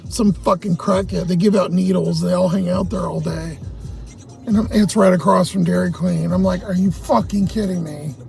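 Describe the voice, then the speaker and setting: A man's voice: high-pitched, fairly even intonation, normal speed, gravelly, darkish tone, soft background music. A man hosting a livestream, telling a long, agitated story full of swearing. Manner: profane, agitated, heavy cursing. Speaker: livestream host. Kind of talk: casual storytelling rant.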